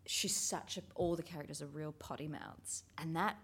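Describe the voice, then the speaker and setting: An Australian woman talking about theatre in a lively casual chat. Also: low-pitched, moderate pace, gravelly, slightly rough. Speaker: actor, writer.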